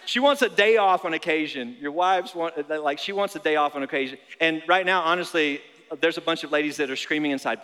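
A young adult man preaching a sermon to a congregation. He is animated and joking, and he repeats phrases for emphasis. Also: on the high side, fast, a little hiss or hum. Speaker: pastor. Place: large church auditorium. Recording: long hall reverb.

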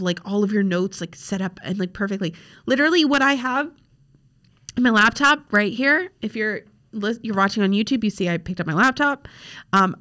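A woman's voice: on the high side, fairly bright tone. A young woman hosting a podcast as a social media coach, talking casually and frankly with plenty of fillers. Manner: chatty, frank, many fillers. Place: home desk with laptop.

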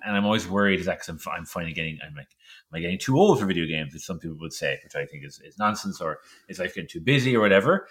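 A man hosting a podcast, talking in a quick, chatty, upbeat way. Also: low voice, fairly bright tone. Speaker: podcast host. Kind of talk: casual chat.

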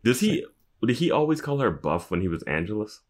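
A man's voice: on the low side, very animated, fairly quick. A man co-hosting a podcast who chimes in with amused comments while the episode is recapped. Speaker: podcast co-host. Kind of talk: casual TV recap chat.

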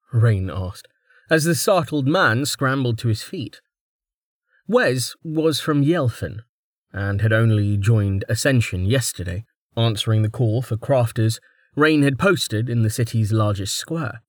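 A man reading an audiobook chapter in steady, scripted narration. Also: medium pitch, unhurried, dry recording, studio quality.

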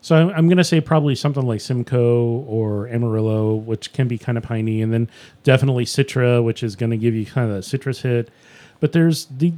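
A man hosts a casual podcast, rambling enthusiastically and restarting his sentences as he talks. His voice has a warm, mellow tone, and his pitch sits in a middle range. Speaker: podcast host reviewing beer. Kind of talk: casual chat.

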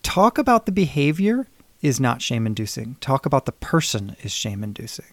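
A man's voice: mid-range voice, sing-song, moderate pace, fairly bright tone, dry recording. A man co-hosting a podcast who talks firmly and emphatically, with carefully chosen words. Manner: firm, emphatic, precise phrasing. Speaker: podcast co-host. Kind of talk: reflective conversational discussion.

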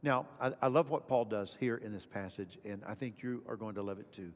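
A man preaching a sermon as pastor, swinging from loud emphasis down to a hush. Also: on the low side, a little fast. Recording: echoey hall with faint music.

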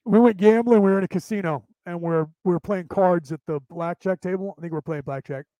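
High-voiced, crude rambling man. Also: quick pace, warm tone, dry recording, rough recording. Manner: crude, profane, laughs often. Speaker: podcast host. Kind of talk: casual rambling monologue.

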